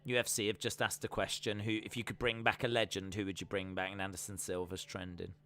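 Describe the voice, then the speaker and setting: A man's voice: fairly low pitch, flat delivery, fast, sharp tone. A man chatting casually on a live reaction stream, repeating himself often as he talks. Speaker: streamer hosting a watch-along.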